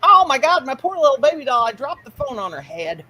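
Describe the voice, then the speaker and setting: A woman hosting a casual crochet live stream, telling animated stories. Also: sits high, brisk. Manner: animated storyteller, quotes people with Southern-style grammar. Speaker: crochet channel host. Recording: noisy home live stream.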